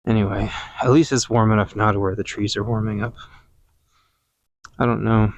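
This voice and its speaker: A man hosting a casual podcast, musing out loud while working outdoors in his orchard, meandering and sometimes hunting for words. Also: on the low side, steady tone, moderate pace, no room sound. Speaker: podcast host. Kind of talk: casual rambling monologue.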